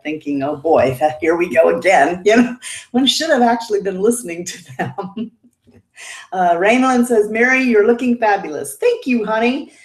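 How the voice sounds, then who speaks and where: A chatty woman in her fifties hosts a casual beauty livestream, reading out viewer comments and answering them warmly. She laughs often, and her mid-pitched voice carries a noticeable room echo. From Indiana, United States. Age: 50s.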